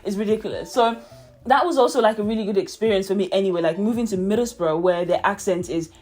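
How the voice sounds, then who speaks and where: A young Nigerian woman with a British English accent vlogs to camera in a chatty, reflective way, with lots of fillers and light laughter. Her voice is mid-range and a bit dark, and she talks quickly. The sound comes from the camera's own mic.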